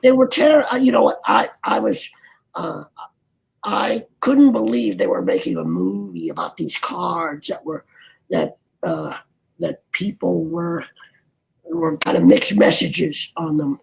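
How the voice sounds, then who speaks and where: Older man, gravelly and husky, halting interview chat, voice leaps up and down. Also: high voice, big pitch swings, rough recording. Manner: rambling, halting, many restarts. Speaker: actor guest. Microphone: video call.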